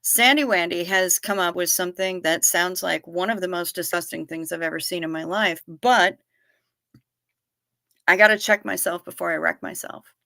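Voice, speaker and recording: A woman's voice: lowish voice, fairly even intonation, creaky, sharp tone, dry recording, clean studio sound. A woman hosting a casual livestream, reading viewer comments aloud and answering them in a blunt, teasing way. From United States. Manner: blunt, salty, quick to tease. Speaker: livestream host.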